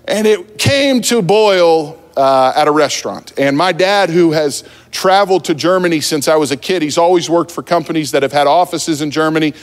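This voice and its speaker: A man from New Jersey preaching a sermon, telling a funny story about himself in a relaxed, conversational way from the pulpit. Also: a little high, normal speed. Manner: humorous, self-deprecating, conversational. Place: church sanctuary at the pulpit. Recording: long church hall reverb.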